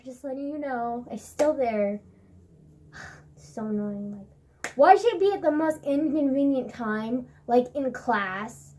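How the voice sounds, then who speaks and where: Teen girl vlogger, high voice, loose casual storytelling with lots of fillers and laughs. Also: measured pace, warm tone. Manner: rambling, filler-heavy, laughing, swears freely.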